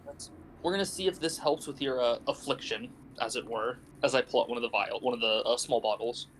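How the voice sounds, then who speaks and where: A man's voice: medium pitch, a little fast, slight background noise, poor audio. Casual male tabletop player. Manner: relaxed, asks questions. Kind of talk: casual tabletop game chat.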